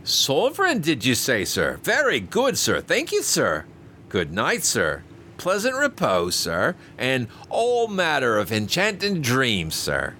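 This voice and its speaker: A man reading an audiobook voices a nervous, servile ship's steward with a rough working-class manner of speech. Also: mid-range voice, huge pitch swings, slow, sharp tone, a little hiss or hum, voice pushed up, heavily acted. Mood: fawning.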